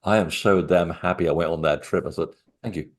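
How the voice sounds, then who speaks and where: A man telling lively stories as a guest speaker, laughing often. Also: low-pitched, a little fast. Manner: animated, laughing storyteller. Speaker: guest speaker, author on sacred sites. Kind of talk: storytelling in a webinar talk.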